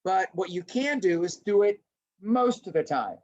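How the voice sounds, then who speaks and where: Animated man giving a webinar, lo-fi sound. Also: high voice, normal speed. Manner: animated, acts out little scenes in voices. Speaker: teacher-trainer presenting a webinar. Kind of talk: lively webinar lecture. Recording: dull lo-fi webinar audio.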